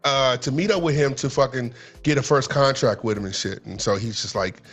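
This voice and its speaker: A man's voice: medium pitch, fairly quick, fairly bright tone, husky, faint music behind. A middle-aged man casually telling a rambling, profane story on a podcast, acting out the quotes in a rising voice.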